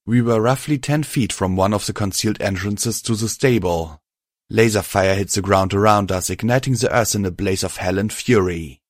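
A man reading first-person fan fiction aloud in a steady, measured way. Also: on the low side, no room sound, studio quality. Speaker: narrator.

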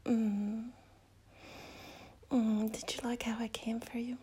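A woman speaking in a whispered role-play, breathing her words softly and intimately between quiet murmurs. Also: on the high side, little pitch movement, slow, a little hiss or hum.

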